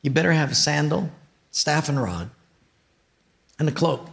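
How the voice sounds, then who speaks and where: A male pastor preaching a sermon in an expressive storytelling manner. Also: on the high side, a little slow, vocal fry.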